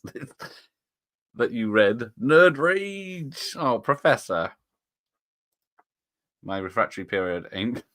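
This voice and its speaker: A man's voice: fairly low pitch, sharp tone, no echo, clean studio sound. A man hosting a casual live stream, rambling and chuckling as he reads out viewers' chat comments.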